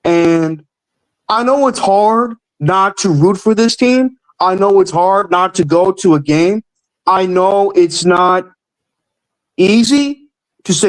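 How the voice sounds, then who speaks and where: A young man calls in to a sports show with a high-pitched, slightly slow voice on a rough recording. His casual rant is emotional and rambling, with occasional swearing.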